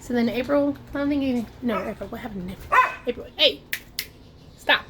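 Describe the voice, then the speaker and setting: A woman's voice: a little high, racing, very noisy. A woman from Ohio telling a story to camera in a chatty vlog, with lots of "like" and "oh my gosh". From Ohio, USA. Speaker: vlogger. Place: home, dogs nearby. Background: barking dogs.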